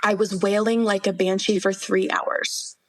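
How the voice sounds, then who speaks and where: A young adult woman appears as a podcast guest, earnestly sharing a personal testimony in an interview, full of fillers and acted-out quotes. Her medium-pitched voice is a little slow and fairly flat, with no room sound.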